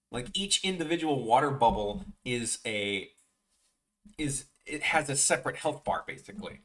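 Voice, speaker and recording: Chicago guy streaming while he draws, bright voice, talks in loops and restarts himself a lot. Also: mid-range voice, animated, normal speed. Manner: rambling, many restarts, chatting with viewers. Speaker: art streamer. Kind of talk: casual livestream chat.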